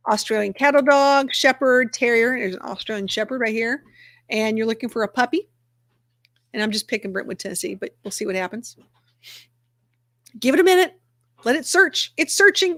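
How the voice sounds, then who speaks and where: Upbeat woman host, a touch high-pitched, casual and chatty, talking viewers through her screen. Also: moderate pace, long pauses, a bit bright, dry recording, studio quality. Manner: chatty and upbeat, narrating her clicks aloud. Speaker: livestream host for a dog rescue community. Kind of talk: casual livestream chat while sharing her screen.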